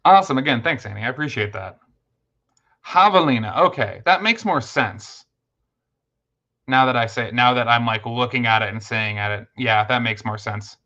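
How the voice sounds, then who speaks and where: A man's voice: mid-range voice, normal speed, sharp tone, highs cut off. A man hosting a casual late-night livestream, chatting with viewers and thanking them, with lots of fillers and restarts. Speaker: livestream host.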